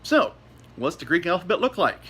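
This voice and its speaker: A man's voice: sits high, sing-song, bright, forceful tone, slightly rough. Guy walking thru greek letters, chatty and self-deprecating, voice swings up and down. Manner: conversational, self-deprecating, sounds letters out slowly. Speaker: teacher. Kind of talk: casual lesson.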